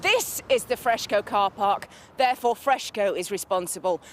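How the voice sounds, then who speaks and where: A woman's voice: mid-range voice, normal speed, slight background noise, natural voice. An actress playing a furious woman customer, cutting and indignant in a TV soap scene. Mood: angry. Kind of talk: TV soap acting.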